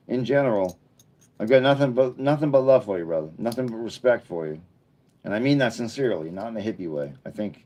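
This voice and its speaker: A man's voice: on the low side, a little mellow. A middle-aged man hosting a casual livestream, chatting with viewers in a rambling, earnest and encouraging way, with frequent restarts. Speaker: livestream host.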